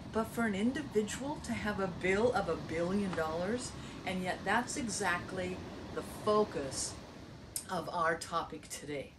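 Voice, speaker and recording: Animated woman preaching a sermon. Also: lowish voice, background noise. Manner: animated storytelling, acts out characters.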